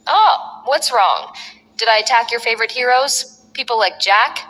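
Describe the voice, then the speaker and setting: A woman's voice: fairly high pitch, moderate pace, pushed and bright. A woman voicing an arrogant, brutal male wrestler who taunts and boasts. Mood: taunting. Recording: echoey long reverb.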